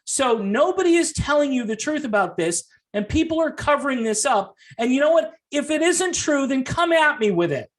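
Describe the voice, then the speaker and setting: A man ranting to camera on his music commentary channel, frustrated and yelling, sarcastic, swinging between loud outbursts and low mutters. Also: big pitch swings, moderate pace, few pauses. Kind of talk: heated rant to camera.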